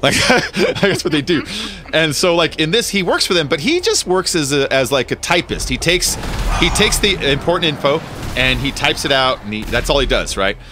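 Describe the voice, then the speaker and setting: A man's voice: a little high, big pitch swings, fairly quick, noisy background. A man hosting a game stream, chatting casually and joking, rambling and swearing freely. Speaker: streamer and host.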